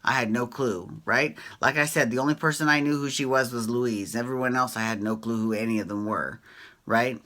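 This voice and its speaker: Low, bright-toned chatty woman. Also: fairly quick. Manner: chatty, opinionated, keeps adding "right?", swears casually. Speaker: reality TV recap host. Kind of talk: casual recap commentary.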